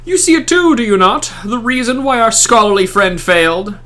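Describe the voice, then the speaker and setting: A man's voice: high voice, lively intonation, normal speed, pushed and bright, voice pushed up. A man voicing a grand, theatrical male holiday saint from a game, making pompous proclamations. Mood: lecturing.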